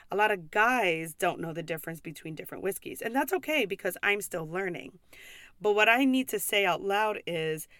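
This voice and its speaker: A woman's voice: lowish voice, fairly bright tone, dry recording, clean studio sound. A young woman hosting a podcast, ranting casually and bluntly about customers at the pub where she serves, swearing often and laughing in exasperation.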